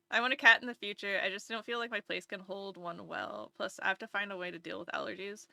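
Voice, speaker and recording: A woman's voice: medium pitch, steady tone, fast talker, vocal fry, hardly any pauses, bright, forceful tone, no echo, clean studio sound. A woman streamer chatting casually on a live stream at home, rambling and chatty, with many restarts.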